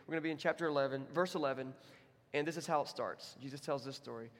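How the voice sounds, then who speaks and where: A man's voice: mid-range voice, fast, long reverb tail. A man preaching a sermon as pastor, in a conversational, self-deprecating way. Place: church.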